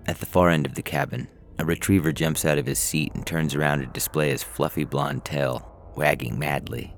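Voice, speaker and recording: A man narrating a science-fiction story in a measured, dry storytelling manner. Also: extremely low pitch, steady tone, gravelly, slight background noise.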